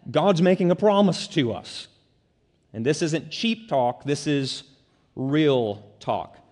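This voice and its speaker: A man's voice: on the high side, animated, slow, a little mellow. A man preaching a sermon as pastor, earnest and building to urgent emphasis. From central Illinois, US. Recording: long hall reverb.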